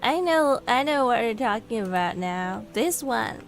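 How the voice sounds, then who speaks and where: A VTuber streams live, chatting casually with her viewers in a giggly, bubbly manner and reacting aloud to chat. Her voice is fairly high with lively intonation and an unhurried pace, and faint music plays behind her.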